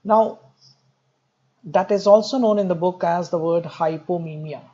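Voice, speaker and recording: Guy teaching med students, repeats terms a lot, kinda high voice, muffled lo-fi audio. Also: unhurried, dark tone. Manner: explanatory, repeats key terms, frequent "okay"; addresses students directly, lightly joking. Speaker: medical lecturer. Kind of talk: recorded exam-prep lecture.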